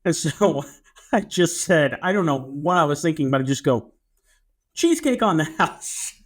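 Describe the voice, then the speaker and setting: A young man co-hosting a podcast, telling a story in a casual, animated way and acting out what people said. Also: on the high side, moderate pace. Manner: animated storyteller, acts out quotes. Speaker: podcast co-host.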